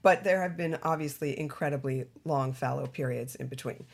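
A middle-aged actress talking about her career as a podcast guest, animated and chatty, often breaking into laughs. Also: extremely low pitch, a little fast, creaky. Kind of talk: casual interview chat.

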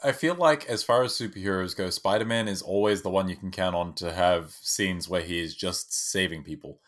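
A man's voice: low-pitched, brisk, fairly bright tone. A man co-hosting a casual movie podcast, enthusiastic and jokey, swearing freely. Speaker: podcast co-host. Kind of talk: casual movie-review chat.

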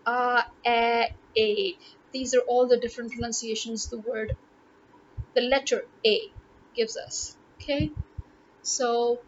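A woman from Pakistan with a Pakistani English accent, talking casually to camera, exasperated and firing rhetorical questions. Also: on the high side. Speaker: vlogger. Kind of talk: casual opinion monologue. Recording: dull lo-fi audio with faint noise.

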